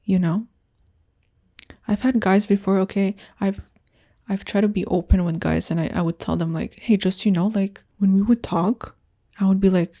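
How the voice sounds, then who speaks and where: A young woman from Canada talks through her dating woes on her own podcast, candid and rambling. Her voice is mellow and warm, at a middle pitch for a woman. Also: fairly even intonation, normal speed. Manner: candid, rambling, frustrated venting. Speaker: podcast host. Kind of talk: casual solo podcast chat.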